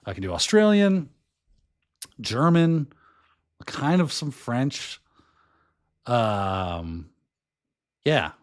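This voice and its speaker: Hoarse, chatty middle-aged man. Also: medium pitch, very animated, extremely slow, long pauses. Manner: chatty and rambling, often breaking into put-on accents. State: hoarse, losing his voice. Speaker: podcast host. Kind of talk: casual livestream chat.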